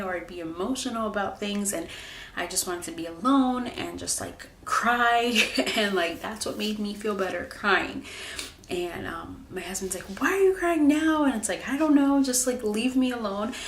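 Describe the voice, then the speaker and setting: A woman's voice: medium pitch, a bit bright, a little hiss or hum. A woman in her twenties chatting candidly in a casual vlog, full of likes and ums. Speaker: vlogger. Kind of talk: casual pregnancy update vlog. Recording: echoey room with faint ambience.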